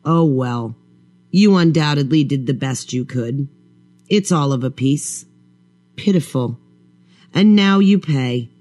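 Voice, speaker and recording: Man putting on a risen dead husband, sneering, contemptuous drawl, slow and mocking. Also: medium pitch, darkish tone, natural voice. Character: undead male husband, sneering and cruel.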